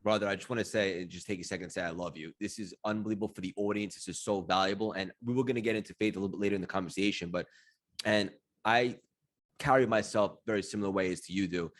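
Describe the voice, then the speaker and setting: A man's voice: low voice, fairly even intonation, fast. A man hosting a podcast interview, talking in an effusive, admiring way. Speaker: podcast host.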